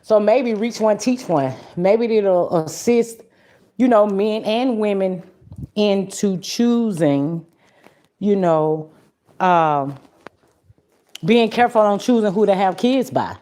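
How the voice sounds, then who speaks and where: A woman's voice: medium pitch, lively intonation, takes it slowly, mellow. A woman hosting a podcast livestream, talking casually and bluntly, with plenty of swearing and frequent laughs. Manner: blunt, profane and chatty; laughs often. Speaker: podcast host.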